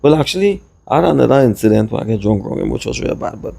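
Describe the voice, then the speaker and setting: A man from Trinidad with a Trinidadian accent, casually telling a rambling personal story in lively dialect. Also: medium pitch, fast talker, creaky, husky, dry recording. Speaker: vlogger.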